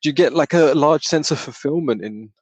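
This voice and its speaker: A man's voice: a little high, fairly quick, dry recording. A young man hosting a podcast, asking rambling, hesitant questions full of "like.". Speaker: podcast host. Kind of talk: casual interview.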